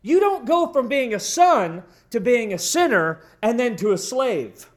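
A man's voice: very high voice, sing-song, measured pace. A man preaching a sermon in an emphatic, storytelling way, addressing his congregation. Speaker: pastor.

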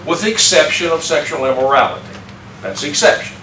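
A man's voice: fairly high pitch, expressive, fast talker. Older man, folksy Bible class teacher, chuckling, distant, echoey room, noisy background. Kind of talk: informal Bible class lesson. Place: classroom or church meeting room. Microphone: distant room mic. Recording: echoey room recorded from afar with background noise.

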